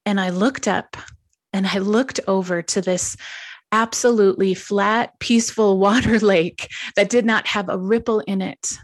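A middle-aged woman pastor, a guest on a talk show, speaking gently and earnestly as she tells a reflective story. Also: mid-range voice, fairly even intonation, measured pace, dry recording. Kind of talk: devotional talk show conversation.

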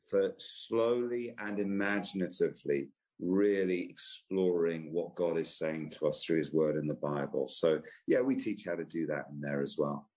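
A man, an author answering interview questions in a gentle, unhurried way with frequent restarts. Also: sits low. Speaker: author and guest.

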